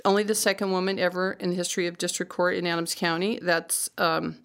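A judge in her sixties tells stories from her career in a relaxed interview. She is animated and quick to laugh, often slipping into acted-out versions of what she was thinking at the time. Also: on the low side. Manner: animated, laughs often, acts out quoted thoughts. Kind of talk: conversational storytelling interview.

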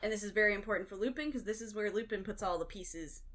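A woman co-hosting a podcast, retelling movie scenes in relaxed, matter-of-fact casual chat. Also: mid-range voice, fast talker, slight background noise. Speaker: podcast co-host.

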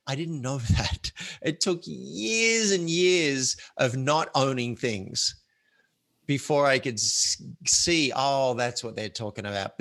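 A man's voice: mid-range voice, a bit bright. A man hosting a casual conversation, talking in an earnest, reflective way and explaining ideas with simple analogies. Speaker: author and show host.

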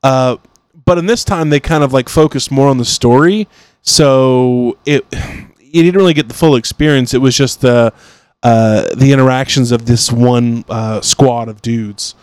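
A man's voice: medium pitch, a little slow, a little mellow, clean tone, dry recording. A man hosting a podcast, chatting casually in a rambling way with many fillers and restarts. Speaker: podcast host. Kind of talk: casual chat.

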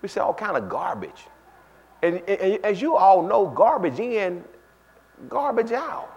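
Animated preacher with a high lively voice. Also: male voice, unhurried, vocal fry, slightly rough, dull audio. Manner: animated, swings from low asides to shouted peaks; folksy, conversational preaching with call-and-response asides. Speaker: pastor. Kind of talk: sermon.

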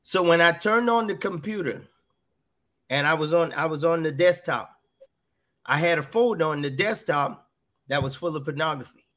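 A man's voice: fairly high pitch, normal speed, pauses often, fairly bright tone. A middle-aged man earnestly telling a personal faith testimony, often repeating his words as he goes. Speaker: guest sharing a faith testimony.

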